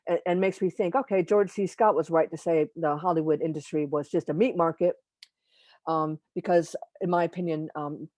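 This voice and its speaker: A woman giving an informal astrology lecture over a video call. She speaks in a halting way, with frequent pauses, restarts and self-corrections, and adds opinionated asides. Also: sits low, a little mellow, dry recording. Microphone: computer mic on a video call.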